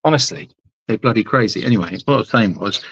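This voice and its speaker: Flustered Glaswegian man, lively pitch. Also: quick pace, breathy edge, no echo, dull audio. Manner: flustered, swears mildly, laughs through it. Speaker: sanctuary co-host. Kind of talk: casual livestream chat.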